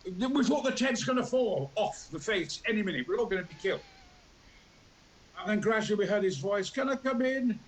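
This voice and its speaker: A man in his eighties with a Yorkshire accent, a talk show guest telling stories theatrically and acting out the characters with booming outbursts. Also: brisk, low-quality recording. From Yorkshire, England. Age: 80s. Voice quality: booming, larger-than-life delivery with sudden loud outbursts. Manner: animated storyteller who acts out every character.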